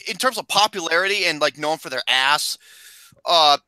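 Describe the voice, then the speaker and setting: A man co-hosting a casual podcast, loud and excitable, laughing often and swearing freely. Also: a little high, normal speed, clean tone, no room sound, poor audio. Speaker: podcast co-host.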